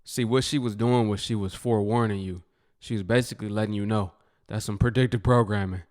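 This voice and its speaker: A man's voice: fairly low pitch, fairly even intonation, fairly quick, darkish tone. A man commenting bluntly and mockingly on viral clips in a casual, laid-back way.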